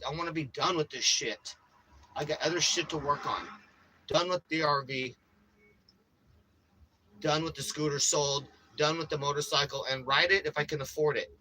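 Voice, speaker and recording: Bright-voiced man rambling to his phone. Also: a little hiss or hum, low-quality recording. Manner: rambling, profane, swings between loud hype and low mumbling. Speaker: RV-living vlogger. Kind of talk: casual livestream chat to viewers. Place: outdoors around an RV by the beach.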